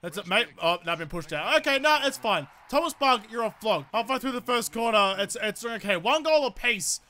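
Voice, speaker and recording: An Australian man with a very high, bright and sharp voice, talking through a football video game as he plays. He rants and swears freely at the game and his teammates, in the loose style of live gameplay commentary. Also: lively intonation, a little fast.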